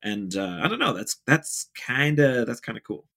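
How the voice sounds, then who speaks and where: A man in casual podcast conversation, speaking haltingly with frequent false starts. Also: medium pitch, vocal fry. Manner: halting, many fillers and restarts, relaxed.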